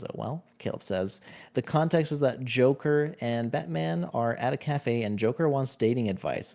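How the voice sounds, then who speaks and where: A man's voice: medium pitch, darkish tone. A man streaming a game, casually reading viewers' chat messages aloud and adding playful, jokey asides. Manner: playful, jokey asides between read-outs.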